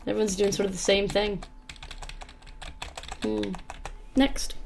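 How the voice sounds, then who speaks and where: A woman's voice: mid-range voice, steady tone, slow pace, creaky, long pauses, faint music behind. A woman hosting a let's-play, commenting casually on small indie games. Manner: casual, reads game text aloud between remarks.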